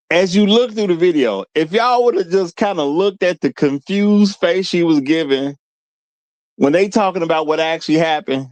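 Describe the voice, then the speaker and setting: Male host of a live commentary show, high voice, laughs often, repeats for emphasis. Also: a little mellow, no echo.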